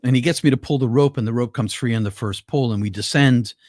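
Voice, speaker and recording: A man's voice: medium pitch, fast talker, darkish tone, no room sound. An older man with a mid-range voice recounts a personal story in an earnest, vivid way, often stopping to restart or repeat words. The sound is close and dry with no room around it. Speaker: guest.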